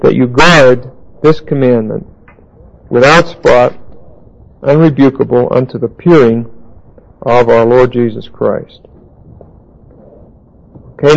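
A man teaching a Bible class verse by verse, halting with fillers and restarts and putting questions to his listeners. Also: mid-range voice, vocal fry, highs cut off.

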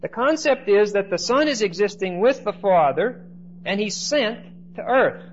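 A man's voice: high voice, animated, a little slow. A man teaching a Bible class in lecture style, often checking in with his listeners by asking "okay?". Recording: dull lo-fi recording with faint noise.

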